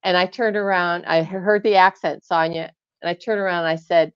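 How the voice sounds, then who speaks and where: A woman's voice: lowish voice, steady tone, brisk, hardly any pauses, clean tone, no echo. Woman reading out chat comments, chatty, muffled lo-fi sound, dry. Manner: chatty, reads comments aloud, laughs often. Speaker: co-host reading viewer chat. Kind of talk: casual chat. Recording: muffled lo-fi audio.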